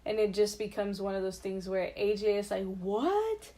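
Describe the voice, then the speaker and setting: A woman's voice: mid-range voice, fairly quick. Chatty woman podcast co-host. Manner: chatty and animated, with many fillers and restarts. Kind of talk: casual chat.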